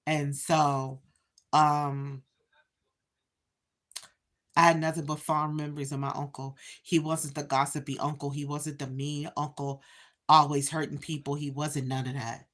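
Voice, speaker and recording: Woman, fifties, low voice, casual livestream chat, chatty, talks straight to viewers. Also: little pitch movement, a little slow, long pauses, a bit bright. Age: 50s. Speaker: livestream host.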